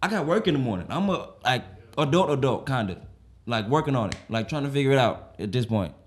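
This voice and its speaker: A man's voice: mid-range voice, fast talker. A young man co-hosting a podcast, telling a story in a casual, profane way and acting out the people in it. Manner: animated, profane storyteller who acts out the people in his story. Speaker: podcast co-host.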